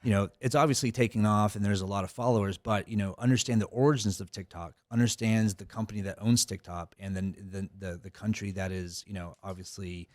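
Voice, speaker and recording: A man's voice: fairly low pitch, fairly even intonation, brisk, few pauses, darkish tone, dry recording. A middle-aged man, a company head, talking casually as a podcast guest, rambling with many fillers and restarts. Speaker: cybersecurity company CEO, guest. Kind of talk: casual interview talk.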